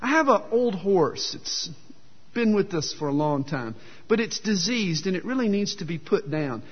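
A man voicing a friendly old male farmer who flatters a visiting pastor in a joke, speaking softly and low, heard in a dull, echoey hall. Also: moderate pace, breathy edge. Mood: gushing. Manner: warm, flattering, eager to please.

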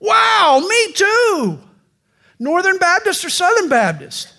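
A man voicing an eager, excitable man on a bridge in a told joke, shouting happily. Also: extremely high pitch, moderate pace, pitched above the performer's own voice, heavily acted. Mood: excited.

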